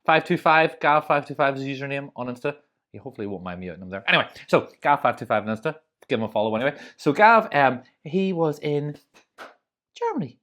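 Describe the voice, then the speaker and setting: Very low-voiced woman, lively chatty podcaster. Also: fast talker. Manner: chatty storyteller, many fillers and asides. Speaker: podcast co-host. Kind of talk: casual chat.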